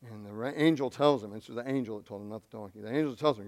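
A man preaching a sermon, retelling a scripture story with lively acting and humorous asides. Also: mid-range voice, quick pace. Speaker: pastor.

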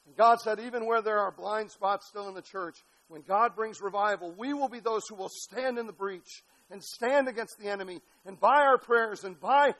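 A man preaching an impassioned sermon, building to shouted peaks and dropping to quiet, low passages. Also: moderate pace, few pauses, low-quality recording. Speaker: pastor.

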